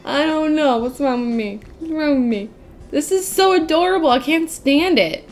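Young woman, gaming commentary, high lively voice, unhurried, giggly, gushing, faint music behind. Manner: gushing, squealing over cute things, giggly. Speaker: gaming channel host. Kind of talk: casual gameplay commentary.

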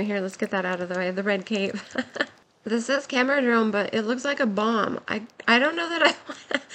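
A young woman giving excited, giggly commentary while playing a game, her voice worn from a long stream. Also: fairly high pitch. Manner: gushing, giggly, exclaims often. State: voice nearly gone, worn.

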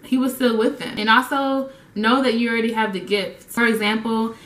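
A woman's voice: a little high, fairly even intonation, normal speed, a bit bright. A woman giving a casual devotional talk, reading scripture and playfully acting out the scenes. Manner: playful, acts out scenes with funny voices. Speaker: faith vlogger. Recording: roomy echo.

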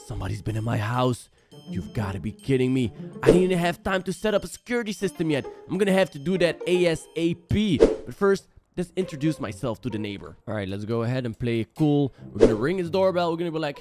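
A man's voice: mid-range voice, animated, fairly quick. Jumpy young man with game music behind. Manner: jumpy, exclaiming, swings between hushed and yelling. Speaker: gaming channel host. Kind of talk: horror game commentary.

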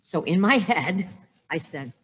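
A woman's voice: on the low side, expressive, unhurried, husky. A woman in her fifties giving a humorous talk at a conference, telling jokes and stories and often checking in with "right?". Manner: joking storyteller, frequent "right?". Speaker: conference speaker. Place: conference hall. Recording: echoey hall with long reverb.

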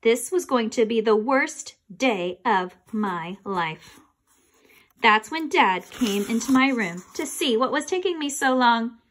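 A woman reading a children's chapter book aloud in an expressive, animated way. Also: on the high side, slow, slight background noise. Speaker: reader.

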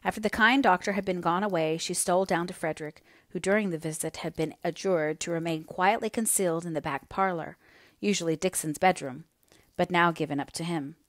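A woman reads a classic novel aloud in measured, steady scripted narration. Her voice sits on the lower side, and the recording is close and dry with no room sound. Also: no room sound. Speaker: audiobook reader.

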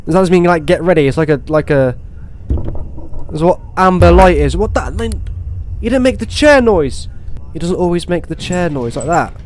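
A young man playing a horror game, talking to himself and swearing, with sudden excited outbursts. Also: a little high, normal speed, a little hiss or hum. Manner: swears, talks to himself, swings between muttering and excited outbursts. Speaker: gaming YouTuber. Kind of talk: horror game let's play commentary.

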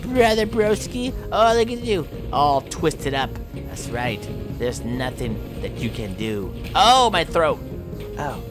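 A man's voice: medium pitch, slow, few pauses, over music. A man playing a video game and commenting playfully, taunting his opponent in a theatrical mock-villain manner with old-fashioned phrasing and sound effects. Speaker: gameplay commentator.

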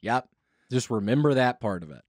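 A man's voice: medium pitch, expressive, a little mellow, dry recording. A man hosting a comedy podcast in a studio, playful and teasing. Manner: playful, teasing, quick asides. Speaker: podcast host. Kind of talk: casual comedy podcast chat.

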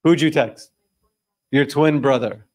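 A young man leading a live group discussion before an audience in a room, telling stories and questioning the room in an animated way. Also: medium pitch, takes it slowly. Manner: animated, storytelling, quizzing the audience. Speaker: discussion leader.

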